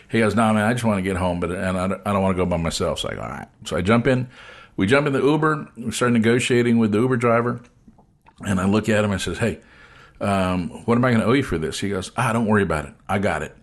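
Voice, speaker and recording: A man with a lowish voice tells a long anecdote to his guest, jumping into other characters' voices as he goes. His delivery is casual and chatty, the easy pace of a show host sharing a personal story. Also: fast talker. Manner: animated storyteller acting out dialogue. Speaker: podcast host.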